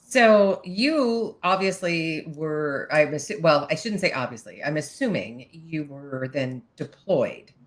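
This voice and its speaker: Host: woman, low-ish and unhurried, brief reactions and questions. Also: expressive. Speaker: interviewer host. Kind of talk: interview questions.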